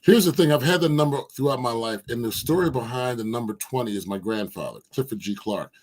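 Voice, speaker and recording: A man's voice: mid-range voice, a little fast. A man, a former basketball player telling stories as a guest and acting out the quotes. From Philadelphia, USA. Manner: animated storyteller who acts out quotes. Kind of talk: casual storytelling interview.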